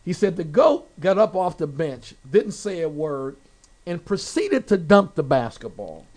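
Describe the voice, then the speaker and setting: High-voiced animated male storyteller. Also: unhurried. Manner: animated storyteller, quotes people with lively pitch jumps. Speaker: interviewer. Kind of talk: casual storytelling interview.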